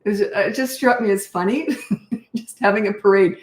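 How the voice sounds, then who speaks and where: With a mid-range voice and moderate pace, this older woman from Canada works as a parenting coach and rambles happily through stories on a live stream, laughing frequently. The sound echoes around the room.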